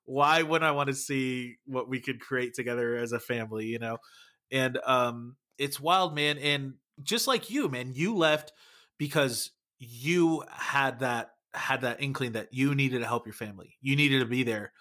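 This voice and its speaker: Man, casual podcast talk, laid-back, swears a lot, bright voice. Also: mid-range voice, a little slow. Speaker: former band member, podcast guest.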